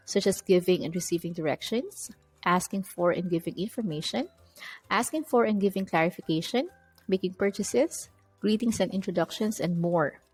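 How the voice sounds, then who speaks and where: A woman's voice: lowish voice, a little mellow, breathy edge, rough recording. A woman teaching an English test-prep lesson in an explanatory way, stressing key terms as she goes. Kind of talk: recorded lecture.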